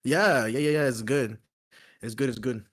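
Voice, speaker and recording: A man of ordinary middle pitch hosting a casual livestream chat. He rambles along with many likes and restarts as he gives his opinions. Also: moderate pace, a bit bright. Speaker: podcast host.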